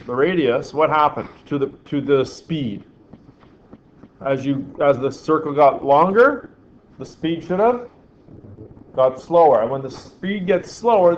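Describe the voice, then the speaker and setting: A man teaching a physics class, quizzing his students and making dry joking asides. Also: on the high side. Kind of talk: classroom lecture. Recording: slightly dull classroom recording with faint background hiss.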